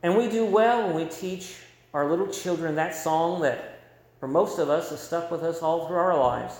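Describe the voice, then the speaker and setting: A male pastor preaching a sermon in a church, telling a story and moving between loud and hushed delivery. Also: high voice, normal speed. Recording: roomy echo.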